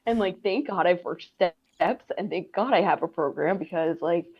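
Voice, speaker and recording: A woman's voice: fairly low pitch, normal speed, husky. A woman sharing gratefully at a recovery meeting from a doctor's office. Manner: grateful, gushing. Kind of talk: casual heartfelt share. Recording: dull lo-fi call audio.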